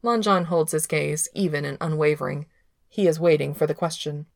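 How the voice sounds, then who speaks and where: Low-voiced woman reading a story. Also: fairly even intonation, normal speed, vocal fry, no room sound, studio quality. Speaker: reader of fan fiction. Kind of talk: audiobook narration.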